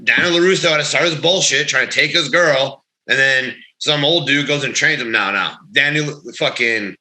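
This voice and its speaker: A man's voice: medium pitch, moderate pace, pushed and bright, rough recording. A man in casual podcast chat, joking and swearing a lot. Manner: profane, joking, rambling. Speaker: podcast guest.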